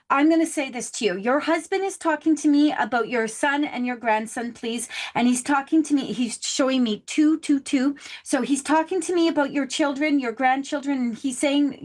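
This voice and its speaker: A woman with a high, bright-sounding voice does a live psychic reading. She talks to her caller with affection and says please and love again and again. She hosts the show. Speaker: psychic medium host.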